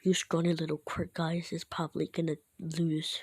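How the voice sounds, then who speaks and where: A woman's voice: deep voice, monotone, normal speed, husky, no room sound. A woman doing a cocky teenage boy, boastful. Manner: boastful, taunting.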